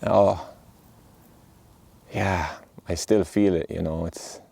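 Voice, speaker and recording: Earnest and reassuring, a man with a low, mellow voice delivers a heartfelt podcast monologue outdoors on a mountain. His intonation is fairly even, his pace measured, with some vocal fry; the sound is close and dry with no echo.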